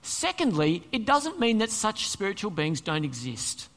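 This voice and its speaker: A male pastor preaching a sermon, conversational and animated, asking the congregation rhetorical questions. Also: sits high, measured pace, big-room sound. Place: church hall.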